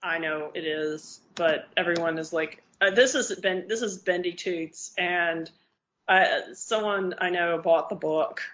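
A woman co-hosting a casual podcast chat, excitable and quick to swear, often restarting her sentences. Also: fairly low pitch, slight background noise. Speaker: podcast co-host. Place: living in Australia. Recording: slightly dull lo-fi podcast audio.

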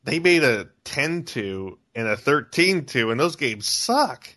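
Male co-host, lively pitch, casual and excitable chat. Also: slow. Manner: excitable, reacts with frequent exclamations. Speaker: podcast co-host.

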